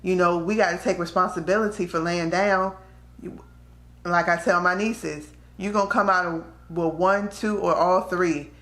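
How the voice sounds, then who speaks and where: Candid woman vlogger, low voice, echoey room. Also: steady tone, normal speed, fairly bright tone. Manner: candid, conversational, slips into quoted voices. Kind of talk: casual storytelling to camera.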